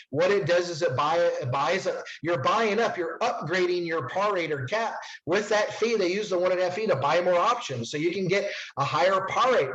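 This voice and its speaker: A man giving an upbeat sales presentation of a financial product to insurance agents, with quick asides. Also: on the high side, muffled recording.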